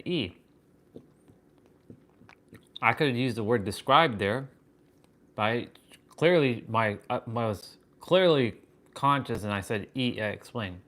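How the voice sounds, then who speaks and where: A man hosting a livestream, musing aloud in halting, wondering phrases with bursts of excited swearing. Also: mid-range voice. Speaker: fitness and wisdom livestream host. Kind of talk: live stream musing.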